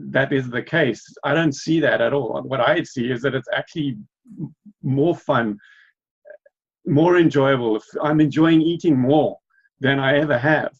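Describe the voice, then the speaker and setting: Male host, husky voice, earnest, muffled lo-fi audio. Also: mid-range voice, unhurried. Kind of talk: casual interview chat.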